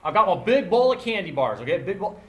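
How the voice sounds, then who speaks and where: With a high voice and quick pace, he talks straight to his students during a math lesson. His explanations lean on playful, everyday analogies, delivered in a lively, casual way.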